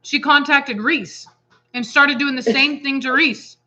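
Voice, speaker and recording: A woman with a Texan accent tells a story in a rambling, animated way, acting out little quoted asides. Her voice sits a bit high and sounds bright and forceful. The recording is slightly dull. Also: a little slow, soft background music. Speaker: co-host, dog breeder. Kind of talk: casual chat.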